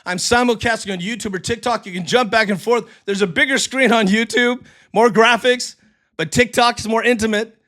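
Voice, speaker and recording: A middle-aged man hosts a live sports stream, furious and swearing as he rants and reads chat. His voice sits very high for a man, with a sharp, bright edge, and it has gone hoarse from yelling into the mic. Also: fairly even intonation, a little fast. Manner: heated, yelling, profane. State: losing his voice. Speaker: sports livestream host. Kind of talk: ranting live sports commentary, reading chat. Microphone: desk mic for a livestream.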